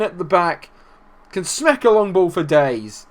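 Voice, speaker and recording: Young male let's-play commentator, frustrated and volatile, slightly raised pitch. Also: expressive, unhurried. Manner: exasperated, swings from muttering to shouting. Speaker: gaming YouTuber.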